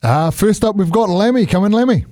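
A man acting as quizmaster on a radio show, reading sports questions briskly and playfully. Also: high-pitched, animated, a little mellow, dry recording, clean studio sound.

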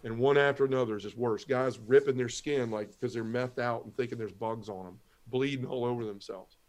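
Speaking a little fast, a middle-aged man with a steady, mid-range voice shares his earnest personal testimony as a podcast interview guest on a talk show. He lays out his story step by step, leans on Southern phrasing, and acts out what others said.

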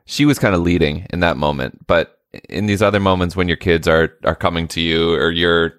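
Deep-voiced male interviewer, dry sound. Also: steady tone, a little fast, a bit bright, no echo. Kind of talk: interview questions.

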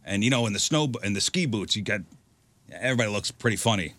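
Speaking quickly in a lowish voice, a man co-hosting a podcast tells a story and acts out the quotes with lively flair. There's no room sound at all, and the tone is casual chat.

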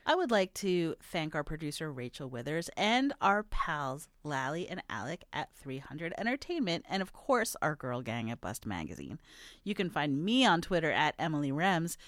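A woman's voice: low voice, very animated, normal speed, a bit bright, no room sound, clean studio sound. A woman hosting a podcast in casual chat, gushing and playful with lots of slang. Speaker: podcast host.

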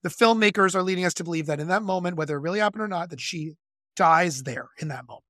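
Animated podcast host gushing about film. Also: mid-range voice, dry recording, studio quality. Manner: animated, gushing, quick asides. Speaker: music educator and conductor. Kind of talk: casual film discussion.

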